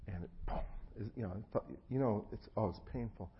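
A middle-aged man preaching a sermon, telling personal stories, acting out the voices of the people in them and swinging from hushed tones to loud bursts. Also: on the low side, quick pace, muffled recording, slight background noise. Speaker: pastor. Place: church hall before an audience.

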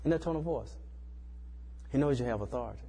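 A man's voice: medium pitch, quick pace, creaky, warm tone, breathy edge, in a large hall. A man preaching a sermon in a small church, talking in a loose, conversational way and often checking in with the listeners. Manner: conversational, folksy, repeats tag questions like "you know".

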